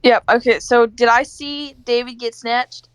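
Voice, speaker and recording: A woman with a somewhat high voice plays a tabletop game. She talks casually and checks details before describing her character's careful moves. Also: steady tone, measured pace, smooth. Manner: careful, asks questions before acting. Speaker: player.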